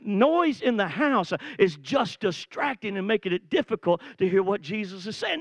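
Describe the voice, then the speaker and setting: A man preaching a sermon, telling a Bible story with animated energy and acting out the quoted lines, rising to shouts. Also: very high voice, no echo, highs cut off.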